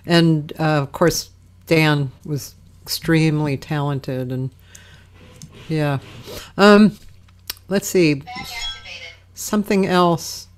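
Slow, low-voiced woman host. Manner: relaxed, rambling with fillers. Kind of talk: casual chat on a livestream. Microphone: video call.

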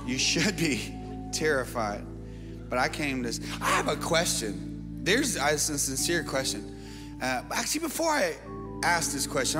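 With a fairly high, sing-song voice and an unhurried pace, a male pastor gives a sermon over music, joking and playfully quizzing the congregation. The setting is a large church auditorium, and long hall reverb colors the recording.

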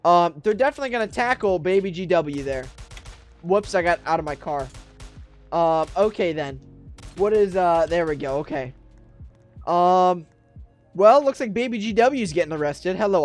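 A man giving roleplay gameplay commentary, dramatic and exasperated, with whiny pleading and complaints. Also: high voice. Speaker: gaming YouTuber.

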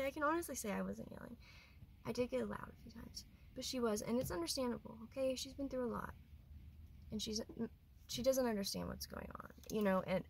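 A woman vlogger talking earnestly through a personal story, rambling and often dropping to a quiet voice. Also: a little high, gravelly, a little hiss or hum, low-quality recording.

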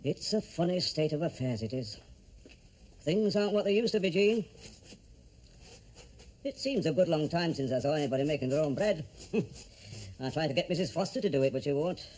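A man's voice: a little high, animated, a little fast, pauses often, darkish tone. An actor playing a gossipy, grumbling older man in a television drama. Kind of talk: 1970s television drama acting.

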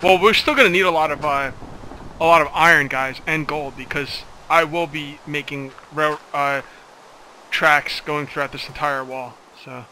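A man's voice: fairly high pitch, moderate pace, pushed and bright, slight background noise, low-quality recording. A man hosting a let's play, chatting and joking as he plays. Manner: joking, rambling. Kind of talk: casual gaming chat.

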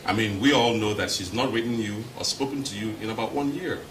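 A man's voice: lowish voice, a little fast, natural voice. A man playing a frank, brotherly Nigerian pilot. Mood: earnest. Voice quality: earnest, brotherly persuasion. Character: friendly frank senior pilot. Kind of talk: Nollywood film acting. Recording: roomy distant film audio with noise.

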